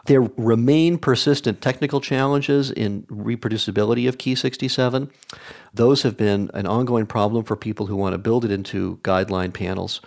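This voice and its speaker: A man answering interview questions as an oncology expert, explaining in a measured, technical way. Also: mid-range voice. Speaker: oncologist guest.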